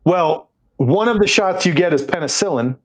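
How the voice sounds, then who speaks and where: A man's voice: a little high, normal speed, a crowd in the background. A man co-hosting a podcast, telling a casual anecdote and acting out the people in it. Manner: animated storyteller, acts out quoted voices. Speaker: podcast co-host. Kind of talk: casual chat, storytelling.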